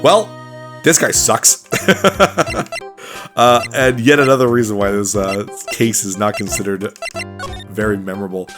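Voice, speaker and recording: A man's voice: lowish voice, a little slow. A man casually commenting while playing a story game, rambling and chatty. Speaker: let's play host. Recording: game music behind voice.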